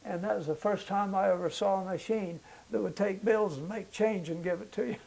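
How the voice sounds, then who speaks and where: An older man, a veteran, recounting his memories in an oral history interview, pausing often with fillers as he searches for details. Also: sits high, creaky, darkish tone, low-quality recording. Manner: halting recollection with many fillers.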